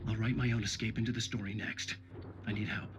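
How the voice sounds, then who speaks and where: An actor voicing a troubled novelist who narrates his own dark story in a brooding, hushed manner, in a video game. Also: lowish voice, level tone, a little fast, background noise, natural voice.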